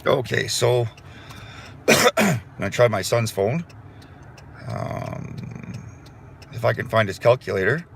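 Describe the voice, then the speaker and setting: A man's voice: mid-range voice, animated, takes it slowly, creaky, pauses often, a bit bright, a little hiss or hum. A middle-aged man from Canada chatting casually to his viewers while driving, easygoing and rambling. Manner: easygoing, rambling, swears and apologizes. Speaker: vlogger. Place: inside a car.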